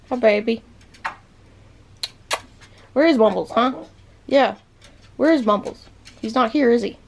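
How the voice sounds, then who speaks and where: Slow, gravelly woman teasing her pet bird. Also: fairly high pitch, noisy background. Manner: playful, teasing baby-talk with frequent laughter. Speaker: vlogger. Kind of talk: casual talk to a pet.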